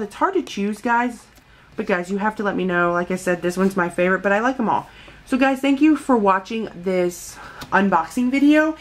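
A woman vlogger from the United States chatting casually through a toy unboxing, gushing and calling her viewers guys. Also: mid-range voice.

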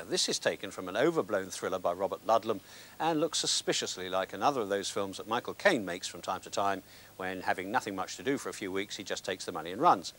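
A British man presents scripted film reviews with a dry, sardonic wit. His voice sits low, but his pitch swoops expressively as he lands his jokes. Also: fairly bright tone, a little hiss or hum.

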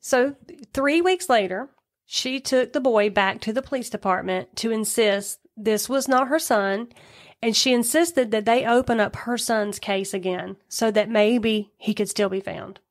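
A woman with a fairly high voice talks through a true-crime case as a podcast co-host. She reads the story out in a chatty way and stops now and then to add her own asides. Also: unhurried. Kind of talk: casual true-crime retelling.

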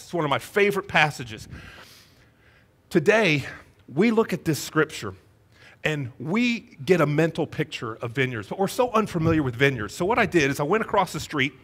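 A middle-aged man, a pastor, preaching a storytelling sermon in a church, moving between hushed moments and emphatic ones. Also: on the high side. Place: church sanctuary.

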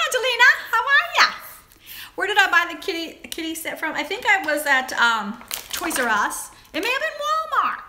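A woman hosting a casual live chat, reading viewer comments aloud and gasping and squealing over small toys. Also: noisy background. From Southern United States. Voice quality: giggly, exclamatory, high and animated. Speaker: live stream host.

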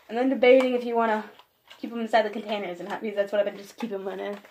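A woman's voice: a little high, steady tone, fast, darkish tone, a little hiss or hum. A teenage girl chatting casually on her vlog, giggly, scattered and self-deprecating, jumping from one thing to the next. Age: teens. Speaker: vlogger. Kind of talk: casual rambling vlog chat.

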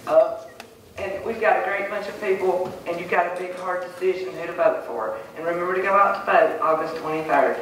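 A man, moderating a forum and giving folksy, relaxed closing remarks. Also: high voice, brisk. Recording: echoey room, mic far off, noisy.

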